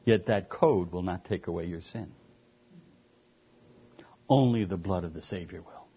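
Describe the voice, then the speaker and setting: Husky-voiced man preaching a sermon. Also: sits low, measured pace, muffled recording. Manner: earnest, emphatic, with repeated restarts. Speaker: pastor.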